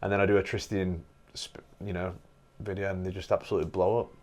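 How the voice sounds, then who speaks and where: A man's voice: low voice, flat delivery, quick pace, a little mellow. A man, a fitness coach guest, chatting casually with laughter and swearing. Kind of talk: casual chat.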